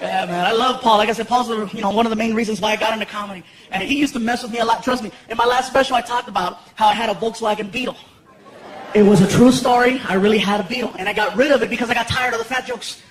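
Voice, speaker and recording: A man from Los Angeles doing a stand-up comedy routine, telling animated, self-mocking stories on a theater stage. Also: high voice, quick pace. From Los Angeles, USA. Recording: echoey theater with roaring crowd.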